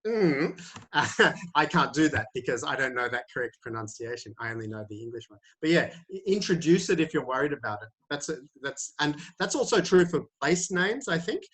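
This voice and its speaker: A man explains pronunciation to learners over a video call. He talks in a relaxed, loose way, thinking aloud, full of small fillers and restarts. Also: on the high side, brisk, hardly any pauses. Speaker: IELTS teacher.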